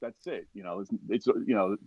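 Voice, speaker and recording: Profane, animated man telling a war story. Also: on the low side, normal speed, slightly rough, dry recording, dull audio. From United States. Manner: profane, animated, acts out quoted voices. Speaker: podcast guest, army veteran. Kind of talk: casual storytelling.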